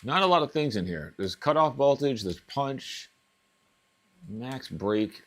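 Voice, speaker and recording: A man's voice: mid-range voice, animated, measured pace, fairly bright tone. A man hosting a casual live unboxing stream at home, thinking aloud and trailing off as he reads through settings. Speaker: RC hobby channel host.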